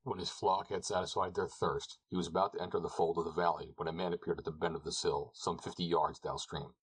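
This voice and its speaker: A man narrates an audiobook in a calm, even reading. His voice sits very low and has a husky edge. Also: fast talker, poor audio. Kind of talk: scripted narration.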